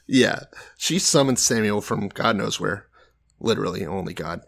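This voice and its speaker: A man's voice: lowish voice, moderate pace, vocal fry, a bit bright. A man co-hosting a casual chat, retelling a story in a laid-back, profane way. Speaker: podcast co-host.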